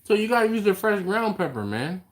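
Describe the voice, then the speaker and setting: A man's voice: sits high, very animated, brisk. A man with an American accent hosting a casual live stream from a home kitchen, teasing his co-host and reading viewer comments aloud.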